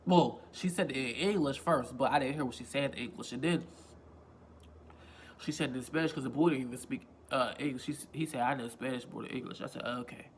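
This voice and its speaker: A man's voice: medium pitch, brisk, pauses often, slight background noise. A man vlogging a casual storytime on a phone, rambling, repeating himself and swearing freely. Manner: rambling, profane, self-repeating.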